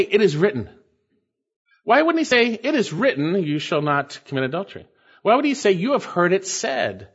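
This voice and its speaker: A male pastor delivers an expository sermon in a high voice that swings widely in pitch. He stresses key phrases by repeating them. The recording sounds muffled and lo-fi. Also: breathy edge.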